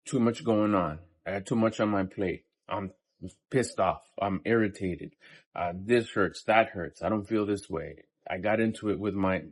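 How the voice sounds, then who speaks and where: A man in his fifties giving a casual, profane motivational talk between workout sets in a day-in-my-life vlog. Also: fairly low pitch. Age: 50s. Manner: blunt, profane and pep-talking. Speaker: vlogger.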